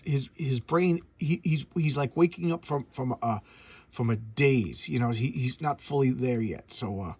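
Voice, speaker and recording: Recorded dry, a middle-aged man with a mid-range, slightly mellow voice and a breathy edge talks about old comics. As host of a laid-back comic review chat, he's eager and meandering, frequently tripping over his words and starting again.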